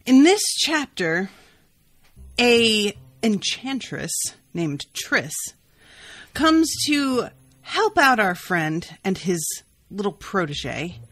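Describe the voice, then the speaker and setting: A woman's voice: mid-range voice, sing-song, very slow, a bit bright, no room sound. A sniffly young woman hosting a podcast, chatting casually about a book and often saying "like" and "um". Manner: chatty, full of "like" and "um". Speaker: podcast host.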